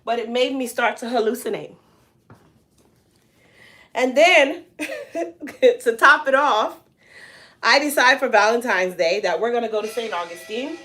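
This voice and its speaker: A woman vlogger in her hair salon, telling a funny personal story in a casual, animated way with lots of laughter. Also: fairly high pitch, measured pace, long pauses.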